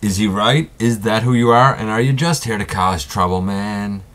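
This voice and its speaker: A man's voice: lowish voice, moderate pace, a bit bright, close to an everyday voice. A man voicing a laid-back male robot talk show host who chats in a casual, rambling way. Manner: casual, rambling, chatty with fillers.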